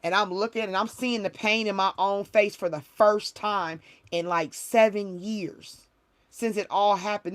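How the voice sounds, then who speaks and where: Woman sharing a heartfelt spiritual testimony. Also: mid-range voice. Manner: emotional, repetitive, heartfelt storytelling with many restarts. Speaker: spiritual reader, livestream host. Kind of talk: casual livestream testimony.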